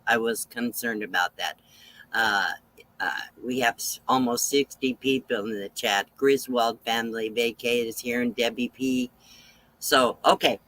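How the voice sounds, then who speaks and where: A man hosting a live stream, chatting casually and greeting viewers one by one, with many fillers and pauses. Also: medium pitch, fairly even intonation, sharp tone, rough recording. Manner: unhurried, halting, with many fillers. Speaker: channel host on a live stream.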